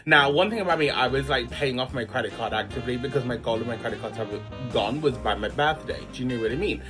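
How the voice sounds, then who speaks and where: A man's voice: medium pitch, fast, music in the background. A man, chatting casually in a slangy, dramatic storytime vlog. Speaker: vlogger.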